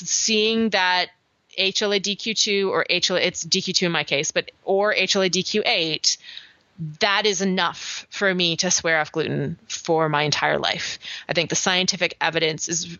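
A woman's voice: fairly low pitch, pushed and bright, no room sound, dull audio. A woman hosting a podcast, explaining science in a casual way with fillers and restarts. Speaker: podcast host.

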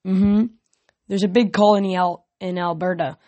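A man's voice: high voice, steady tone, normal speed, dark tone, dry recording, lightly acted. A young man reading aloud, voicing a blunt, confident teenage girl in a storybook. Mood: matter-of-fact.

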